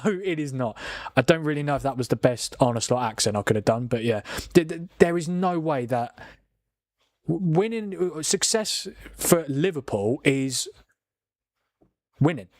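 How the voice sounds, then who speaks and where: A man, hosting a live football watchalong and chatting in a rambling, animated way, with plenty of laughs and restarts. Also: a little high, no room sound, clean studio sound. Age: 40s. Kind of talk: casual live commentary and chat.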